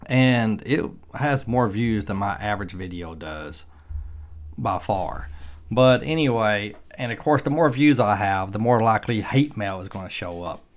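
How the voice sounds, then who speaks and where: A man's voice: lowish voice, expressive, a little slow. A middle-aged man with a Southern Arkansas accent, giving casual, plainspoken vlog commentary in a folksy, chuckling manner. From Arkansas, USA. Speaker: EV vlogger.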